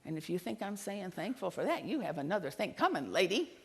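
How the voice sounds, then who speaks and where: A woman's voice: mid-range voice, sing-song, a little fast, slight background noise, pitched below the performer's own voice. A woman acting out her stubborn five-year-old daughter, who speaks with blunt, sulky defiance. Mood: defiant.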